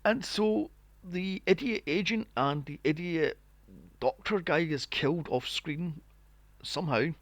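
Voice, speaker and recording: A man hosting a podcast, recapping a film in casual chat, animated and sweary, acting out scenes in mocking voices. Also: on the high side, a little slow, dry recording. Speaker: podcast host. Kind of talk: casual movie review chat.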